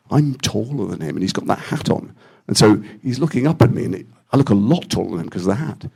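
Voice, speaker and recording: Brief: English actor, fast lively anecdotes, low and gravelly. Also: male voice. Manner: animated, quotes others in quick dialogue. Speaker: actor guest at a Q&A. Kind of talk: anecdotal storytelling. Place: cinema auditorium after a screening.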